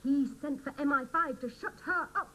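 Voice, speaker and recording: An actress playing an eager, gullible do-gooder in a sitcom, earnest and gushing. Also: female voice, sits high, normal speed, pushed and bright, low-quality recording. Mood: thrilled. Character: eager, gullible do-gooder woman who craves excitement. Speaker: refuge resident. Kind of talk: 1980s TV sitcom acting. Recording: hissy old TV soundtrack.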